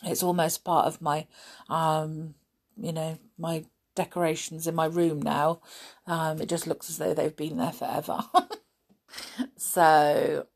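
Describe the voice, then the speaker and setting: A woman with a lowish voice tells a children's story, slow and gentle, chatting warmly between parts. She is a little hoarse today and keeps clearing her throat. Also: little pitch movement. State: slightly hoarse, frog in throat. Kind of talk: reading a story aloud.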